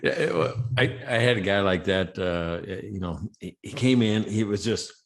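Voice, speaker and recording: A man's voice: deep voice, normal speed. A middle-aged man co-hosting a casual podcast, telling stories animatedly and acting out quotes with big laughs. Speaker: podcast co-host.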